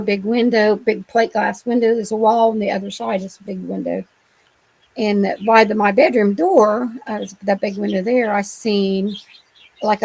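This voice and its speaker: Middle-aged woman guest, gravelly voice, homespun and rambling storyteller. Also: medium pitch, darkish tone, no room sound, poor audio. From Ohio. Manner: rambling, colloquial, many restarts. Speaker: interview guest. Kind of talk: telling personal encounter stories.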